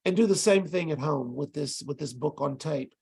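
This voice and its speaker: An older man explains a teaching method to volunteer tutors over a video call. His voice sits fairly high for a man, gravelly and a touch husky. He speaks casually, often repeating words as he restarts his sentences. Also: normal speed, darkish tone. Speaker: ESL teacher presenting to tutors. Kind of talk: online tutor training talk.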